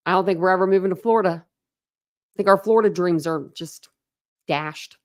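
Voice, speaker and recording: A woman's voice: lowish voice, moderate pace, pauses often, a little mellow. A woman from Ohio hosting a casual livestream chat, talking in a chatty, rambling way with many fillers. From Ohio, USA. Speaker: livestream host.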